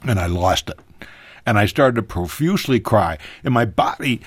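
A man telling a personal story as a guest on a radio talk show, animated, his voice leaping higher at emotional moments. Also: normal speed, breathy edge, no echo. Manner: animated, pitch jumping high in emotional moments.

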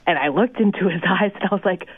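A woman calling into a radio show, telling a story in a lively, chatty way and laughing often. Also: on the low side, quick pace, husky. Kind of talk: casual phone chat. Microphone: phone. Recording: tinny phone line.

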